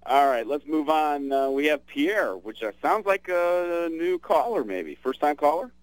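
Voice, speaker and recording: A man in his sixties hosting a call-in radio show, who talks in a halting way with many restarts. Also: a little high, animated, no echo, low-quality recording. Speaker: radio talk show host.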